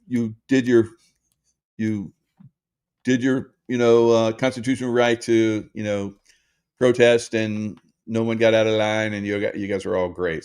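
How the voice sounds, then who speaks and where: A man's voice: deep voice, darkish tone. A man in his sixties, hosting a casual monologue for his followers, rambling with frequent hesitations and restarts. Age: 60s. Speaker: host.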